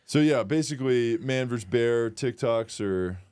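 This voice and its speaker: A man co-hosting a comedy podcast, chatting casually with a deadpan, ironic delivery. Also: mid-range voice, moderate pace, clean tone, no room sound, clean studio sound. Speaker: podcast co-host.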